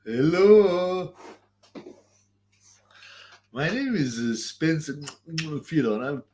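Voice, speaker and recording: A man's voice: mid-range voice, expressive, normal speed, slight background noise. A man, hosting a casual livestream, reading viewer comments aloud, rambling, swearing and laughing often. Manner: crude, rambling, laughs often, repeats himself. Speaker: livestream host.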